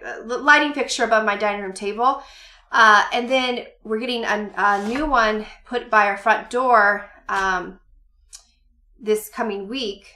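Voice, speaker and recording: In an echoey room at home, a woman in her forties with a bright, forceful, mid-range voice chats to camera about her shopping haul. The vlogger rambles along, full of fillers and laughter.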